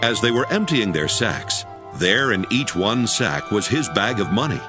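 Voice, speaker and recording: A man narrating scripture in a steady storytelling manner. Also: on the low side, a little slow. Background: backing music.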